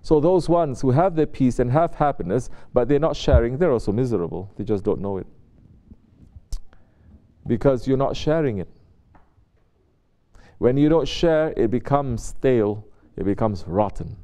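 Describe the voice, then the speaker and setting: A man's voice: mid-range voice, animated, normal speed, long pauses, warm tone. A man giving a spiritual sermon as a Sufi sheikh, talking conversationally and asking his listeners rhetorical questions. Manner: conversational, asks rhetorical questions and acts out quotes.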